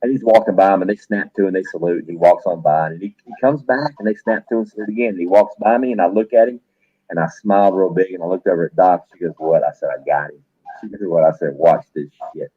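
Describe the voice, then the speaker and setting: A man's voice: deep voice, fast, breathy edge, no echo. A middle-aged man, a retired soldier and bar owner, telling a blunt, profane anecdote in casual talk among friends. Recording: tinny phone-like dry sound.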